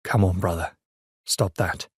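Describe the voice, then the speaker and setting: A man's voice: low-pitched, measured pace, husky, dry recording, exaggerated voice. A man voicing a firm, protective brother who chides in a dry, matter-of-fact way, read for an audiobook. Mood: chiding. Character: stern, protective adult brother.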